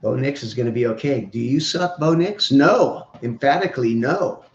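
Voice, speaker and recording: A man's voice: medium pitch, animated, normal speed. Male podcast host, casual opinionated football rant, dull lo-fi echoey room sound. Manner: opinionated, rambling, joking. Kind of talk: casual sports commentary.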